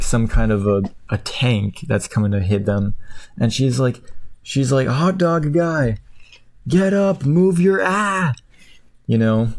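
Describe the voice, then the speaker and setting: A man rambling through the plot of a movie while clicking away, jumping into high squeaky voices for the characters. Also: a little mellow. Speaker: streamer. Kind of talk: casual chat while clicking.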